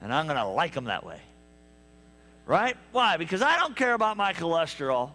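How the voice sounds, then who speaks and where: A man preaching a sermon, telling stories with lively asides to the congregation. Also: a little high, normal speed. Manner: animated storytelling with asides to the congregation. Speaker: pastor. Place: church sanctuary.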